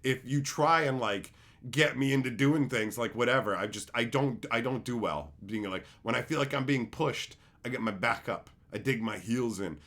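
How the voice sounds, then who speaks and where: A livestream host with a medium-pitched, fairly bright voice rants casually at a moderate pace. He's blunt and heavily profane, telling combative stories and acting out quotes with big swings in his voice.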